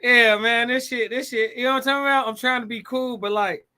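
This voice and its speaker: A man's voice: very high-pitched, fairly even intonation, fairly quick, sharp tone, clear, resonant tone. A man hosting a live show, reacting to clips with blunt, profane, mocking commentary and frequent restarts.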